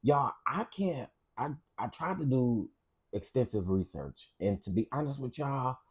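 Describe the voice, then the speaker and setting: A man's voice: medium pitch, lively intonation, a little slow, breathy edge. A man hosting a casual livestream, greeting viewers by name and repeating his phrases. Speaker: livestream host.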